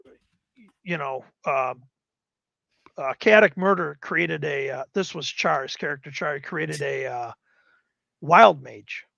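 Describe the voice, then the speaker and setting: A man's voice: fairly high pitch, slow, vocal fry, long pauses, no echo. A man in his fifties casually telling rambling tabletop gaming stories as a guest on a live stream. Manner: rambling, animated retelling with acted quotes. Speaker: guest gamer. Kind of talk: casual storytelling. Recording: dull lo-fi stream audio.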